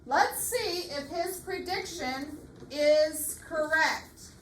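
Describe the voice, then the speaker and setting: A woman teacher leading a reading lesson in a classroom, patient and slow, repeating her questions. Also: high voice, fairly bright tone. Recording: echoey classroom, far mic, faint hiss.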